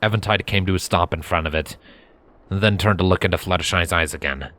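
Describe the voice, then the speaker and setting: A man reading a fanfiction story aloud in steady, measured narration. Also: sits low. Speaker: fanfiction reader.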